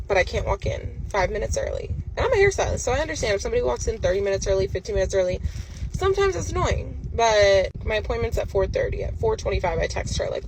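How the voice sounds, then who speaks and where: A woman's voice: on the high side, animated, a little fast. A woman vlogging casually into her phone, chatty and sarcastic with laughing asides, with faint noise behind her. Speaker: hairstylist vlogging. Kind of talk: casual vlog chat. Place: sitting outside a salon.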